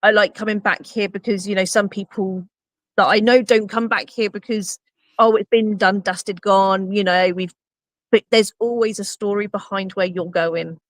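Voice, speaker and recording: A woman guest on a live paranormal stream, talking earnestly and quickly agreeing. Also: medium pitch, fairly even intonation, no echo. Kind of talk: casual live-stream chat.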